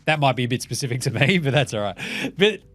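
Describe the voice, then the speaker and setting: A man's voice: medium pitch, expressive, quick pace, a bit bright, no echo, faint music behind. A man with an Australian accent hosting a comedic sports show, swearing freely and acting out the people he talks about. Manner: swears freely, acts out quoted people mid-rant. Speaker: host.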